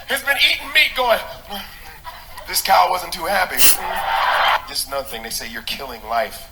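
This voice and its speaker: A man performs stand-up comedy in a high voice, loud and mocking, and jumps into silly voices for his bits. The recording is a noisy live club recording with heavy noise underneath. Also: big pitch swings, brisk, echoey room.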